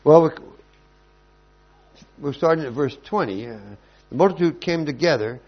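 A male preacher tells a story from the pulpit, and his voice rises and falls a lot as he stresses each point. His tone is slightly husky. The recording is dull and lo-fi. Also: fairly high pitch, moderate pace. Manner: storytelling, lively and emphatic. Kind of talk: sermon.

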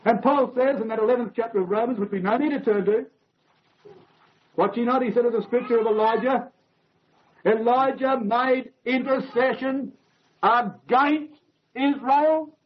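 A man preaching a sermon to his congregation, emphatic and measured, sinking to a hush for quoted lines. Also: very high voice. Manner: emphatic, drops to hushed near-whisper on quoted lines. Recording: dull lo-fi recording.

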